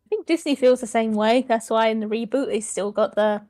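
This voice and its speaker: A woman's voice: a little high, a little fast, darkish tone, no echo, clean studio sound. Giggly young-sounding woman in voice chat. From Kent, southeast England. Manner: chatty, giggly, hesitant. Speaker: viewer in voice chat. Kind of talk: casual chat.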